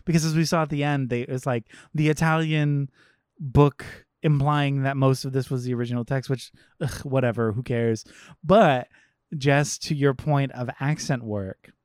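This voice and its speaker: A man's voice: mid-range voice, steady tone, normal speed, darkish tone, dry recording, clean studio sound. A man co-hosting a podcast, ranting sarcastically and profanely about a film in casual chat. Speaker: podcast co-host.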